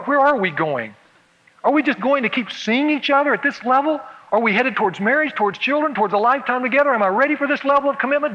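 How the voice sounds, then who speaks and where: Comic sermon bit: man doing an anxious young woman, high, bright, breathless worry; dull lo-fi tape, hall reverb. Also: a little hiss or hum, heavily acted. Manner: fretful, breathless, spiralling worry.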